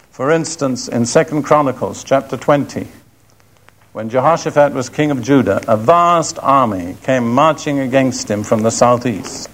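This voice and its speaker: An older man preaching a sermon, reading scripture in a slow, deliberate and emphatic way. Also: medium pitch, gravelly.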